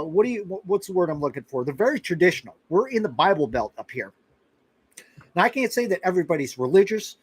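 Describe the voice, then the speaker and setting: A man's voice: fairly high pitch, no echo, poor audio. Rambling middle-aged man chatting live. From Florida. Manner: rambling, conversational, with restarts and asides. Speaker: host of a live chat. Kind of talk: casual live-stream chat. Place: rural outpost in western Kentucky.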